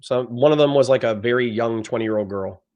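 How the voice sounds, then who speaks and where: A man's voice: mid-range voice, a little fast, a little mellow, dull audio. A young adult man streaming political commentary, reading chat messages and lecturing his audience in a heated, profane rant.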